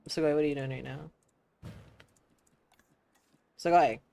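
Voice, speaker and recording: Low-pitched woman streamer, playful and loose, light music under her. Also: measured pace. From United States. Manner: playful, giggly, casually sweary. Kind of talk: casual chat while gaming.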